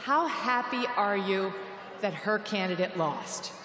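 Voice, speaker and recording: A woman's voice: mid-range voice, expressive, slow pace, crowd noise. Mocking woman at a rally, echoey hall. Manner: sarcastic, mocking, punchy delivery. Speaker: rally speaker. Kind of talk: political rally speech. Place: large echoing hall. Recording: echoey hall with long reverb, noisy.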